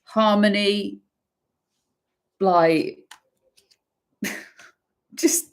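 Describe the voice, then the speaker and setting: A woman giving an intuitive tarot energy reading, emphatic and swearing freely, pausing and restarting as she pulls cards. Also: mid-range voice, fairly even intonation, vocal fry. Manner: pauses and restarts while pulling cards. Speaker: tarot reader.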